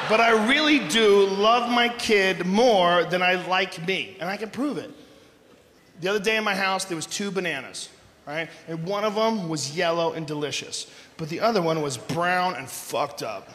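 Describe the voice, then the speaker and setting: A man doing a loud, profane stand-up routine in front of a live audience, often breaking into shouts. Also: high voice, moderate pace. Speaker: stand-up comedian. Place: large concert hall, live audience. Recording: echoey live hall recording with noise.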